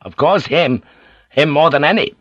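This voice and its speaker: A man voicing a gruff, hot-tempered samurai general who speaks bluntly and with urgency. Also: fairly high pitch, moderate pace, a bit bright, no echo, muffled recording, voice pushed up.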